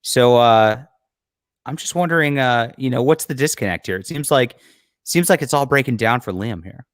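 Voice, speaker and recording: A man hosting a livestream offers blunt, mocking commentary over a clip, peppered with fillers. His medium-pitched voice moves at normal speed, and the sound is clean and studio-like with no room sound.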